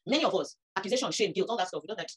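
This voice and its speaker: Fast-talking woman preacher, husky. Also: mid-range voice. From Nigeria. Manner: animated, rising to emphatic peaks. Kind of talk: sermon.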